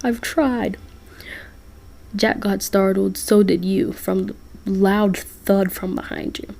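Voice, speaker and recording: A woman reads a fan-made story aloud in a casual, rambling way, giggling between lines. She talks slowly, her voice soft and mellow. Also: medium pitch, completely flat delivery, creaky.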